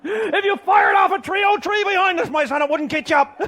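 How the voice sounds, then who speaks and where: An older man telling a comic tall tale, boisterous and loud, often laughing as he talks. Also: extremely high pitch, a little fast, vocal fry, some chatter behind, a little hiss or hum. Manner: boisterous, often shouting and laughing mid-sentence. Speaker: storyteller.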